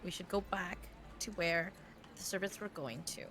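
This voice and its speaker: Gravelly low-voiced woman player. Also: normal speed, background noise. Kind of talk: casual tabletop game chat.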